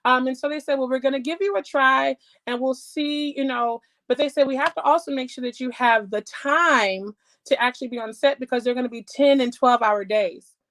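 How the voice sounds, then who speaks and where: Woman, storytelling guest, animated, fairly high voice, acts out quotes. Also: brisk. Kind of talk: testimony in casual talk.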